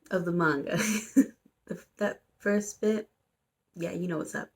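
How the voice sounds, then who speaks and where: A young adult woman giving a casual, rambling plot recap, full of fillers and little asides. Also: on the low side. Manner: rambling, filler-heavy, amused. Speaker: YouTuber.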